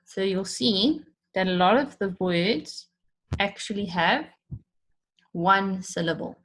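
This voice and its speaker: Slow, patient woman teaching a lesson. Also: mid-range voice, lively intonation, fairly bright tone. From South Africa. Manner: patient, explains step by step, repeats questions. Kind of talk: recorded online lesson for children.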